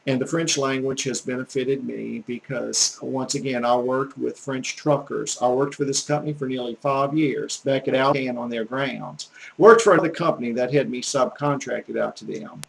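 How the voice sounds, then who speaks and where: Southern drawl, older man, gravelly folksy teacher voice, earnest and a bit preachy. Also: mid-range voice, moderate pace, rough recording. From American South, Gulf Coast. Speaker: YouTube language teacher. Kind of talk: casual rambling monologue.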